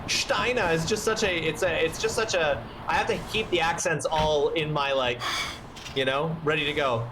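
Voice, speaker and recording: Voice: mid-range voice, normal speed, noisy background. A streamer giving chatty, rambling let's-play commentary. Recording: game music playing behind.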